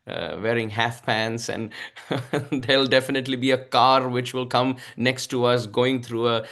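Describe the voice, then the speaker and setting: A man giving a devotional scripture discourse, expressive and drawn out, with frequent soft laughs. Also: mid-range voice, a little slow. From India. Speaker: spiritual speaker.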